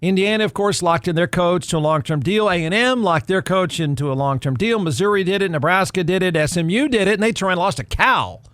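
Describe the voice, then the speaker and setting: Male podcast host, middle-aged, sarcastic sports commentary, high voice, dry close sound. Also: expressive, fast, few pauses, fairly bright tone, no room sound. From Texas. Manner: snarky, sarcastic.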